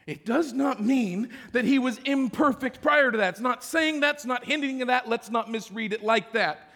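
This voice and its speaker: A man preaching a sermon as pastor, swinging between loud cries and hushed whispers in short repeated phrases. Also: very high-pitched, moderate pace, few pauses. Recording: long hall reverb.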